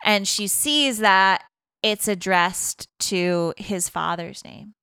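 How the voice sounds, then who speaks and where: A woman from Boston casually retelling a film plot, animated and full of fillers, acting out the dialogue. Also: mid-range voice, slow pace, smooth, dry recording, clean studio sound.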